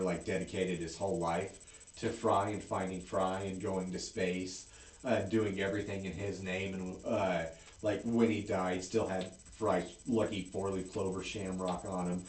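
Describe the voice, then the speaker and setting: A man's voice: low-pitched, a little mellow, roomy sound, far from the mic. A man co-hosting a casual beer podcast, swearing often and telling stories with animation. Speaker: podcast co-host. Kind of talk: casual beer-tasting chat.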